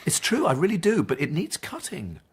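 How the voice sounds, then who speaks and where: An actor playing a dismissive, lecturing PhD supervisor in an audio drama. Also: male voice, a little high, wildly swooping pitch, normal speed, creaky, slightly rough, exaggerated voice.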